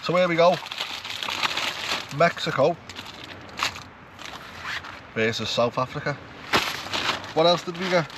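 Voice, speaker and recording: A man's voice: on the high side, lively intonation, slow, pauses often. A man vlogging at a campsite, chatty and rambling, poking fun at himself. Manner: rambling, chatty, self-mocking. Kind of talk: casual chat to camera. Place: campsite outdoors. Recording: outdoor noise, passing traffic.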